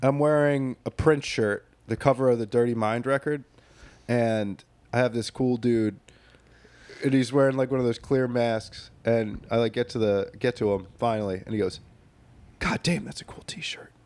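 A man's voice: mid-range voice, normal speed. Casual: chill guy telling a story on a podcast, swears a bunch. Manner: laid-back, swears a lot, animated when telling stories. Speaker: podcast co-host.

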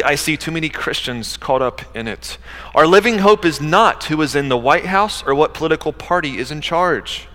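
A middle-aged pastor delivers a sermon, pressing his points with rhetorical questions. His voice sits a little high and sounds bright and forceful. The sound carries the long reverb of a large sanctuary. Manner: preaching with rising emphasis and rhetorical questions.

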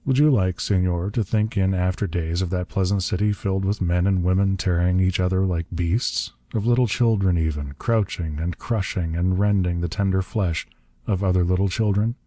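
A man voicing a frail old male tyrant who speaks mildly and benignly with quiet menace. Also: deep voice, fairly even intonation, normal speed, no echo, clean studio sound. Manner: mild, benign, chuckling menace. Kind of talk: audiobook narration.

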